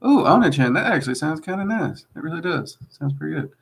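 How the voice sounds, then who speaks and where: Man, Southern accent mixing Kentucky and Louisiana, casual livestream host, gravelly voice, hesitant and chatty. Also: on the high side, animated, fast talker. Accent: mixed Kentucky and Louisiana Southern. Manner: rambling, hesitant with many ums, friendly asides. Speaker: host answering live chat.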